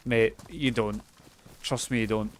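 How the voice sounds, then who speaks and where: A man's voice: lowish voice, steady tone, measured pace. A Scottish man live streaming a game, chatting casually and swearing freely as he thanks viewers. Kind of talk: casual gameplay chat.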